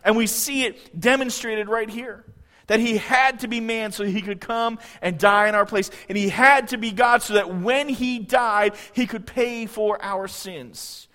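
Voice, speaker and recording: A man preaching a sermon, animated, swinging between soft, quiet stretches and loud outbursts. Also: high-pitched, measured pace. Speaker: pastor. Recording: long church-hall reverb.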